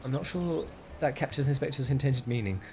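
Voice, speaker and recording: A man voicing a cheerful, scatterbrained young woman in a high sing-song voice. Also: lively intonation, fairly quick, mellow, soft background music, close to an everyday voice. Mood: chirpy.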